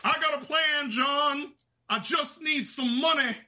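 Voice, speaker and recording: A man's voice: very high voice, measured pace, bright, forceful tone, highs cut off, voice pushed up, full character voice. Dutch, a man imitating a scheming outlaw boss. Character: scheming smooth-talking male outlaw gang boss.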